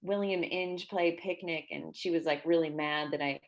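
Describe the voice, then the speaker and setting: A woman in her thirties, a podcast guest, telling stories in casual chat with a giggly, animated manner. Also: lowish voice, normal speed. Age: 30s.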